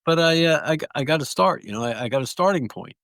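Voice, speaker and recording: A man's voice: on the high side, lively intonation, fast talker, fairly bright tone, dry recording. A man telling stories in an interview, rambling through anecdotes with small restarts. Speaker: guest clownfish breeder. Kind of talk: relaxed storytelling.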